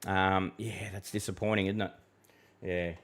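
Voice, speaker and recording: Laid-back Australian weather host. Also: male voice, deep voice, flat delivery, unhurried, a bit bright. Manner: casual and blunt, calls viewers mate and bud. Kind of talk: live-stream Q&A, reading chat questions.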